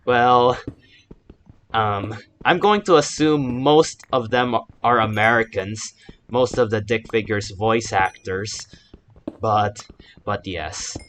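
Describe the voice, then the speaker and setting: A man's voice: on the low side, slow, a bit bright, a little hiss or hum. A man giving casual, rambling commentary while he plays a video game, often correcting himself and wandering into asides. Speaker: gaming YouTuber. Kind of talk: casual Let's Play commentary.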